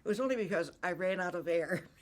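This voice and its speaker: A man's voice: high-pitched, expressive, fast talker. A man looking back on acting in an old film, reflective and amused. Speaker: actor interviewed. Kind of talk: interview recollection.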